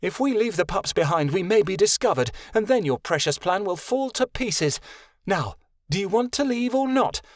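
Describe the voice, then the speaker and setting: A man's voice: high voice, lively intonation, moderate pace, dry recording, studio quality, voice pushed up. A man voicing a tender young dragon girl. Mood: defiant. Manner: pleading, emotional. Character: young female dragon, gentle, tearful, defiant.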